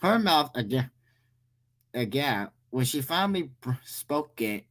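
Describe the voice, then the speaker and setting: Young man, story reader, lively pitch, halting delivery, frequent restarts. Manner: stumbling, frequent restarts and self-corrections. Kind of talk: reading a Reddit story aloud.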